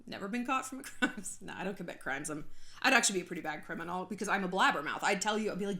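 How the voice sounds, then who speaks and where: A woman's voice: fairly low pitch, animated, racing, pushed and bright. A woman from California hosting a casual gossip commentary vlog, chatty and sarcastic, laughing often and swearing freely. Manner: frequent swearing. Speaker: YouTube host.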